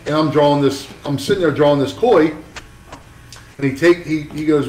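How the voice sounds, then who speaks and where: Tattoo guy rambling and cussing through a story, kinda high voice, far off the mic in an echoey room. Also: fairly even intonation, normal speed, darkish tone, a little hiss or hum. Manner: rambling, profane, with many restarts. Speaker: tattoo artist guest. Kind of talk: casual storytelling chat.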